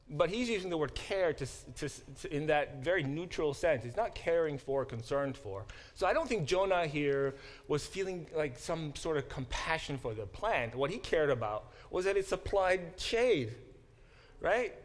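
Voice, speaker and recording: A man, a biblical studies professor, giving a classroom lecture, pausing to unpack Hebrew words and acting out quoted speech with dramatic emphasis. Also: a little high, expressive.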